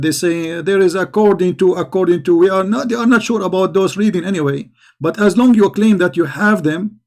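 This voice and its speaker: A high-pitched man speaks in broken English, delivering a combative religious polemic to the camera. His tone stays mocking and confrontational, with frequent taunts and repeated challenges. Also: a little mellow. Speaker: religious debater. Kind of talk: polemic commentary monologue.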